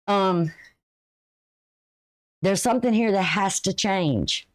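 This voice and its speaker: A woman's voice: mid-range voice, slow. A woman giving a casual, folksy astrology reading, chatty and advice-giving, with a runny nose. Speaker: astrology and tarot reader.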